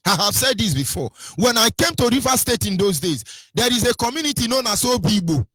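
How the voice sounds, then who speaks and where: A man's voice: sits high, big pitch swings, a little fast, a bit bright, husky, no room sound. A Nigerian man hosting a radio talk, preaching about culture and slipping into pidgin and sing-song mimicry. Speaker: radio host.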